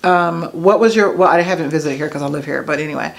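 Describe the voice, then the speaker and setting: A woman's voice: sits low, fast talker, vocal fry. A woman in her thirties from the United States chatting casually to camera, answering questions with self-mocking asides to viewers. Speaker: vlogger. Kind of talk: casual to-camera Q&A tag video.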